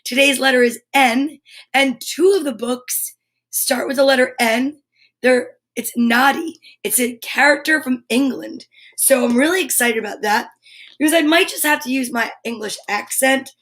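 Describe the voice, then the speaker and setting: Bubbly high-voiced woman hosting a kids' show. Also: moderate pace, a bit bright. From United States. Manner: bubbly and enthusiastic, greeting viewers by name. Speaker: children's show host. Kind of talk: live-streamed kids' lesson.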